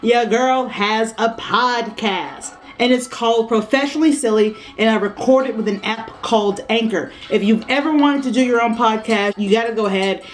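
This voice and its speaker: A woman's voice: a little high, normal speed, few pauses. Brash, playful young woman vlogging. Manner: brash, profane and playful, laughs a lot. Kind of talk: casual vlog chat.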